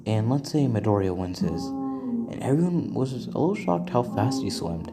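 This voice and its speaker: A man's voice: medium pitch, very animated, normal speed. A man casually narrating a fan story in a rambling way, with restarts. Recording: guitar music in background.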